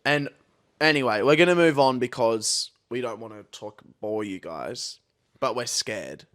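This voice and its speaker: A man's voice: medium pitch, lively intonation, measured pace, fairly bright tone. A young Australian man co-hosting a podcast in casual chat, laughing easily and teasing his mates. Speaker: podcast co-host.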